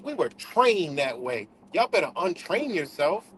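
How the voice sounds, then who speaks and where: A man's voice: a little high, big pitch swings, measured pace, a little hiss or hum, low-quality recording. A man hosting a livestream in a casual, profane rant, repeating himself for emphasis. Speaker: livestream host.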